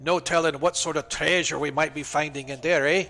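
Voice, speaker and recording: A man voicing an excitable, fussy male dwarf archaeologist who guards his dig in shrill, clipped speech. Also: fairly quick, creaky. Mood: eager.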